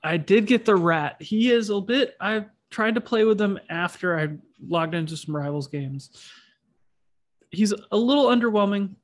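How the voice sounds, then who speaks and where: A man's voice: high voice, normal speed. A man hosting a casual podcast chat, with a nasal voice and a rambling, self-deprecating way of talking. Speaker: podcast host.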